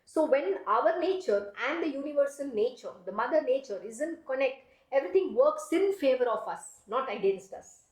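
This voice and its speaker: A woman's voice: sits high, expressive, normal speed, roomy sound, poor audio. A woman giving an earnest devotional discourse as a spiritual teacher, often adding "you know" as she explains.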